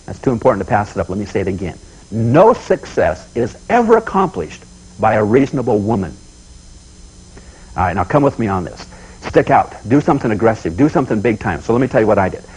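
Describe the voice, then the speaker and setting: A man giving a motivational seminar talk, telling folksy personal stories in an animated way and often repeating himself. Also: fairly low pitch, very fast, husky, rough recording. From United States. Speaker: seminar speaker.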